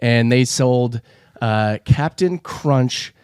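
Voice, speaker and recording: A man's voice: medium pitch, drawn-out words, a little mellow, smooth, no room sound, clean studio sound. A man with a Boston accent co-hosting a podcast, laid-back and brief in casual chat. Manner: laid-back, short replies. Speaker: podcast co-host reading comments.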